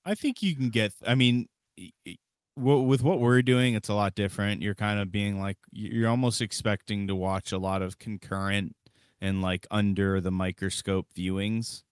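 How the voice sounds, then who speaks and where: A man's voice: on the low side, steady tone, normal speed, smooth, no room sound, studio quality. A man podcast co-host musing about how he watches movies, thoughtful and rambling. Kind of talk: casual movie review chat.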